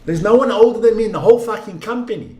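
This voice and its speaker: An older man giving casual, excitable live rugby commentary, chatting and joking as he goes. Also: high-pitched, quick pace, echoey room.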